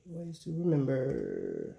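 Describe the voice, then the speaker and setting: This man's medium-pitched voice is creaky and mellow, with huge swings in pitch and a slow pace. He's running a laid-back live stream, chatting with viewers and using "man" and "bro" in most lines.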